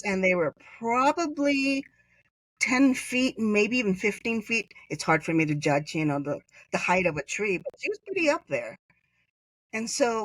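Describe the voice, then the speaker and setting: A woman from Hawaii, a podcast guest, telling a personal story in a rambling way, with sudden high jumps when she voices others. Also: dry recording, rough recording. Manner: animated, acts out quoted voices with pitch jumps; rambling, self-correcting.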